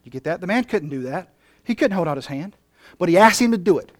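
A male pastor preaching a passionate sermon, moving between emphatic lines and quiet ones. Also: high voice, expressive, fast, no room sound, studio quality.

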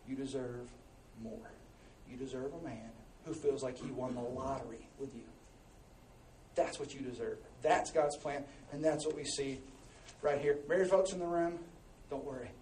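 A man pastor preaching a sermon in an animated, conversational way, swinging from hushed asides to loud exhortation. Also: mid-range voice, normal speed, long pauses, slight background noise. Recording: echoey room, distant mic, faint ambience.

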